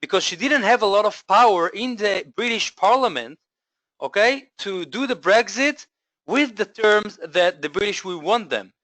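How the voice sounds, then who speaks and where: Speaking at normal speed in a high voice with no echo, a man energetically leads a live online trading lesson. He fills his talk with fillers and self-corrections and often checks in with listeners.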